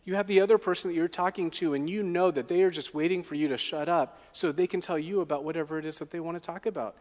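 A man's voice: on the high side, fast, a little mellow. A man preaching a sermon as a pastor, often asking the congregation questions. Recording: long hall reverb.

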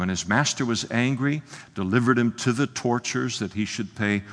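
Emphatic preacher in reverberant hall. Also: male voice, lowish voice, a little slow. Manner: emphatic, exclamatory, with fillers and restarts. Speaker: pastor. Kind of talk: expository sermon.

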